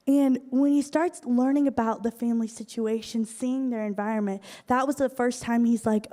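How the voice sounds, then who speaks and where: A woman's voice: a little high, fairly even intonation, moderate pace, few pauses, dark tone. Earnest woman preaching in a reverberant hall. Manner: earnest, acts out quoted lines. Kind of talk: sermon storytelling. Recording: long reverb of a large hall.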